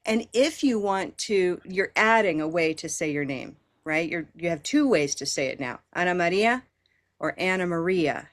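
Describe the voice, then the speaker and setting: An American woman leads an online pronunciation class. She models each phrase slowly and cheers her learners on, in a slightly low voice over a video call. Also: animated. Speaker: pronunciation teacher.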